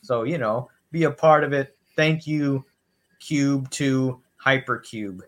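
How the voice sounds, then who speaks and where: A man's voice: medium pitch, takes it slowly, a bit bright. A man co-hosting a casual podcast, recapping a comic issue in an easygoing, rambling way. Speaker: podcast co-host. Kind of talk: casual chat.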